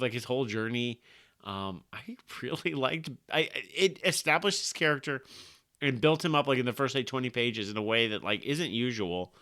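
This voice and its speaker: A man co-hosting a casual comic book podcast, talking in an animated, excitable way and cracking quick jokes. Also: medium pitch. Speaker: podcast co-host.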